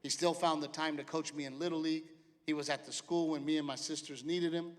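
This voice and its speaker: A middle-aged man doing a stand-up set, loud and punchy, with sudden shouted punchlines. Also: fairly high pitch, steady tone, brisk. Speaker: stand-up comedian. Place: large theater stage. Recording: live theater with long reverb and faint ambience.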